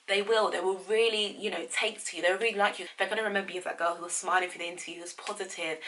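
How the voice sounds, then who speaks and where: A woman, giving career advice in a casual vlog, blunt and animated, acting out bits of dialogue. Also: medium pitch, poor audio. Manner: animated, acts out quoted interview lines; blunt and frank, swears casually.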